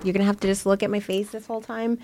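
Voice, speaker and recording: A woman host who is feeling sick, chatting loosely with her guests. She speaks quickly and laughs often, with a voice in the middle of her range. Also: mid-range voice, flat delivery, mellow. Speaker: podcast host. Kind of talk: casual chat.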